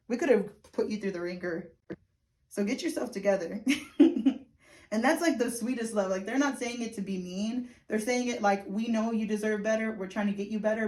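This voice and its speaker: A woman's voice: medium pitch, mellow. A woman giving a casual, frank tarot reading who laughs often and swears now and then. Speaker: tarot reader.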